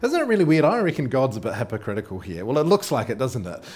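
A man preaching a sermon, explaining scripture in a conversational way with frequent rhetorical tag questions and animated readings. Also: mid-range voice, quick pace, breathy edge.

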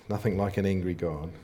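A deep-voiced man gives a sermon, talking through scripture conversationally, reading with animation and leaning often on rhetorical tag questions.

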